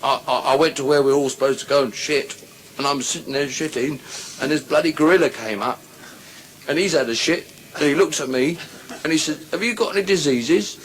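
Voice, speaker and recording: A man's voice: mid-range voice, steady tone, brisk, slight background noise. A male stand-up comedian telling crude, swear-filled jokes on stage. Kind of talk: live stand-up joke telling. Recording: live show with loud audience. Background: loud crowd laughing.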